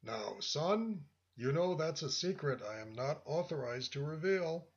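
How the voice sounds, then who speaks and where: A man's voice: on the high side, lively intonation, measured pace. A man voicing a suave, condescending older man with a walking stick, who speaks in a friendly but patronizing way, in a lo-fi recording. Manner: friendly yet patronizing, calls listener "son". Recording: dull lo-fi audio.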